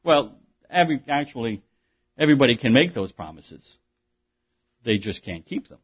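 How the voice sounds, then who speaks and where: A man's voice: medium pitch, lively intonation, moderate pace, breathy edge, muffled recording. A man preaching a sermon, with an emphatic, conversational delivery full of asides and rhetorical questions. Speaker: pastor.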